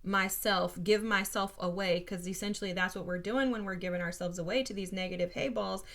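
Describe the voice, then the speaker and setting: A woman's voice: on the low side, quick pace. A woman giving a casual spiritual tarot reading, talking straight to her viewers in an earnest, encouraging way. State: briefly emotional. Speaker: tarot reader.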